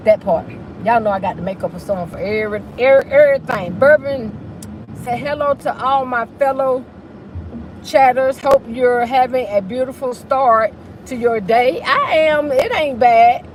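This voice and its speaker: Woman livestream host, high voice, chatty sing-song delivery, faint car noise behind. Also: normal speed. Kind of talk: casual live chat while driving.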